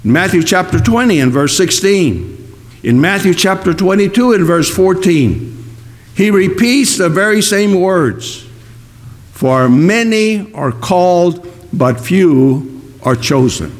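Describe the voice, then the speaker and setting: A man preaching a sermon, slow and emphatic, repeating key words for weight. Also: high-pitched, expressive. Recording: long reverb of a hall.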